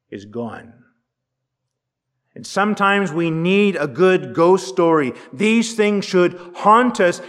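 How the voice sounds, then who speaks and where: A man preaching a sermon as pastor, measured and emphatic with dramatic pauses. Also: high voice, a bit bright. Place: church. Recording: long church reverb.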